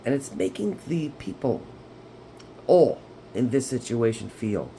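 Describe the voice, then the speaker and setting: A man's voice: medium pitch, very animated, unhurried, vocal fry, warm tone, a little hiss or hum. A man talking through a tarot reading at home in a chatty way. He keeps checking in with his listeners. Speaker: tarot reader. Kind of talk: casual tarot reading to camera.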